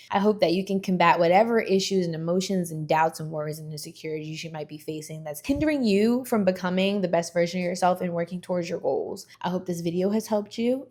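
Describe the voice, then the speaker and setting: A young woman talking to her viewers in an animated, emphatic and casual way, giving motivational advice on her vlog. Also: on the low side. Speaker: vlogger. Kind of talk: motivational vlog talk to the camera.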